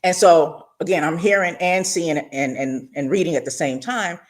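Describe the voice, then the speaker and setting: A middle-aged woman hosting a radio talk show, telling stories in a casual, expressive way with frequent asides to her listeners. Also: sits low, normal speed.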